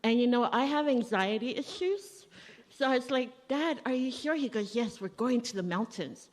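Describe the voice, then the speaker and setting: A woman's voice: fairly high pitch, expressive, normal speed, a little mellow. A woman giving a eulogy for her father at a family funeral service, telling stories conversationally and acting out remembered dialogue. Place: church. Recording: long reverb of a church hall.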